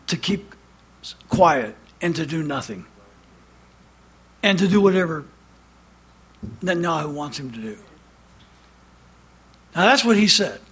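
Casting: male preacher, high bright husky voice, emphatic fiery sermon delivery. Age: has adult son.

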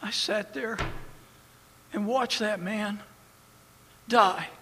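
A male preacher delivering an impassioned sermon, dropping to hushed storytelling and rising to loud preaching. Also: sits high, extremely slow, slight background noise. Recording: long hall reverb.

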